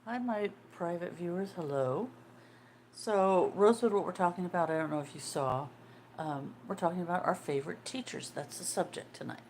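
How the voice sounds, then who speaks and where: An older woman in her sixties talks in a low, easy voice, hosting a casual livestream. She chats away and answers viewers' comments as they come in. A faint room ambience sits behind her. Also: normal speed, darkish tone, slight background noise. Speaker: livestream host.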